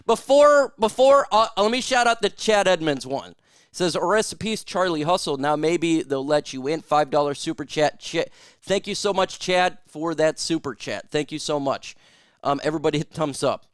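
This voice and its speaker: A man's voice: on the high side, normal speed, smooth, no room sound, clean studio sound. Hyped-up man hosting a sports live stream. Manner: loud, hype-driven, shouting whoops at super chats. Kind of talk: casual live-stream chat with viewers.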